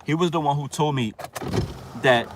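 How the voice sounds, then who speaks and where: A man's voice: a little high, normal speed. A man talking casually to his live viewers, rambling, restarting words and checking in with "right?" again and again. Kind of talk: casual livestream chat.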